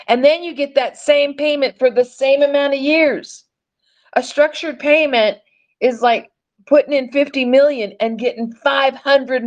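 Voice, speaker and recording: A woman presenting an animated teaching monologue, speaking emphatically, calling listeners "folks" and swearing casually. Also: fairly high pitch, dull audio. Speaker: online presenter.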